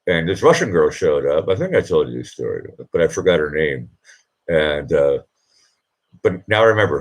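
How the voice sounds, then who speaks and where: A man hosting a casual live chat, telling rambling stories with frequent laughs and fillers. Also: deep voice. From Boston. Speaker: live stream host. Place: indoors at home.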